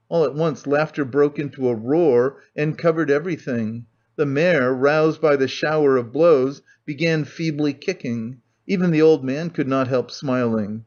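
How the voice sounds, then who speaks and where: A man reading a classic novel aloud as an audiobook narrator, in a measured storytelling manner. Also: a little high, a little mellow. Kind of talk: scripted narration. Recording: muffled lo-fi audio.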